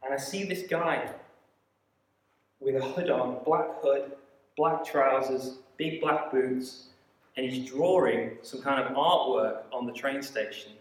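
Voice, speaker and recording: A man preaching a sermon, telling a story in an animated way with quick asides and acted-out quoted voices. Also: medium pitch. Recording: echoey hall, mic at a distance.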